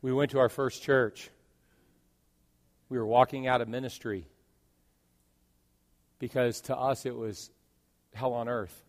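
A man's voice: mid-range voice, steady tone, a little slow, long pauses. Preaching man in an echoing church. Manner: dynamic preaching that swings from hushed to loud. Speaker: pastor. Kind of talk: sermon. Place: church sanctuary. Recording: long reverb of a large church hall.

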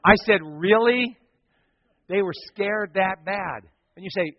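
A man preaching a sermon as pastor, telling a story with big swings from loud to hushed. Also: sits high, takes it slowly. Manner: animated storytelling with dramatic swings in volume. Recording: dull sound with long hall reverb.

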